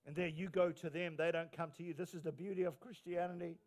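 A pastor with a New Zealand accent delivers a sermon in a fairly high voice. He is emphatic and openly emotional, circling back on key phrases to drive them home. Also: fairly even intonation, quick pace, darkish tone.

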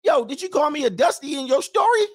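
A man's voice: extremely high pitch, sing-song, fast, pitched above the performer's own voice. A man voicing a brash young man at a club, slangy and indignant, saying "man" a lot.

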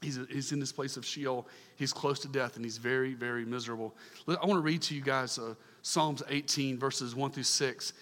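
A man preaching a sermon, earnest and emphatic, swinging from fervent calls down to soft, quiet asides. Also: medium pitch, fairly even intonation, normal speed, in a large hall.

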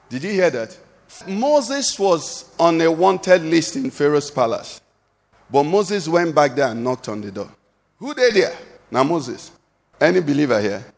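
Male pastor, high voice, call-and-response sermon style, long church reverb. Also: big pitch swings, moderate pace, creaky. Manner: preaching with call-and-response questions, rising to shouts.

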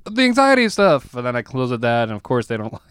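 A man's voice: medium pitch, level tone, racing, smooth. A man co-hosting a podcast, telling a rambling, self-mocking story about a comedy gig with lots of restarts and laughter. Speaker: podcast co-host.

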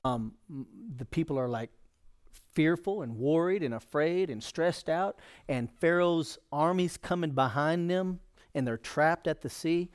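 A man's voice: on the high side, measured pace. A male pastor preaching a sermon in a folksy, conversational way.

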